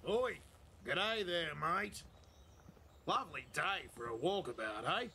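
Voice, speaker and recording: Brash Australian border guard. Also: male voice, on the high side, lively intonation, slow pace, vocal fry, bright, forceful tone, a little hiss or hum, heavily acted. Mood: teasing. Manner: brash, teasing, heavy slang. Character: crude joking Australian border guard, middle-aged prankster. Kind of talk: video game voice acting.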